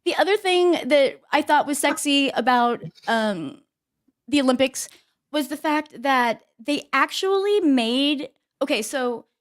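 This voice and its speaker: A woman with a fairly high voice co-hosts a casual talk show. She talks brashly and swears freely, and she tells her stories with a lot of animation. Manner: brash, profane, animated storytelling. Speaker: co-host.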